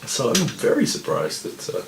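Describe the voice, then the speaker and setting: A man's voice: mid-range voice, wildly swooping pitch, moderate pace, creaky, roomy sound, noisy background. A stoned man in casual chat who rambles, swears a lot, and keeps losing his train of thought. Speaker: podcast co-host.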